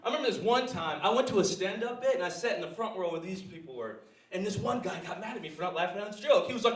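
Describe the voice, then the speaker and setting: Lively crude young comedian on stage. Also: male voice, high-pitched, fast. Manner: animated, crude, laughing at his own jokes. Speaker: stand-up comedian. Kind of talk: live stand-up routine. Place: small comedy club stage. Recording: roomy live venue from far off.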